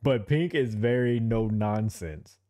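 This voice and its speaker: A man hosting a casual podcast, telling stories in a relaxed, laughing way. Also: mid-range voice, slow, slight background noise. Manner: laid-back, animated storytelling with laughs. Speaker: podcast host. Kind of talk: casual chat.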